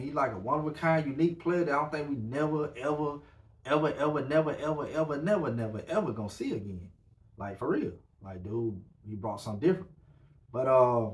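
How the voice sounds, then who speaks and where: A man's voice: mid-range voice, recorded from a distance. Laid-back man, a bit off-mic. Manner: laid-back, loose slang, filler-heavy. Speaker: podcast host. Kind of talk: casual podcast chat.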